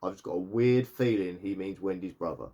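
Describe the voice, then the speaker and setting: A man's voice: sits low, dark tone. A man giving a casual, rambling recap of a TV episode, correcting himself as he goes. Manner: rambling, chatty retelling with quick self-corrections. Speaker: TV reviewer.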